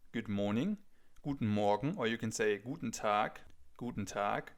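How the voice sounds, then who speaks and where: Gravelly-voiced male teacher. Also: medium pitch. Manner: clear, patient, repeats each phrase slowly. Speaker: language teacher. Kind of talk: scripted language lesson.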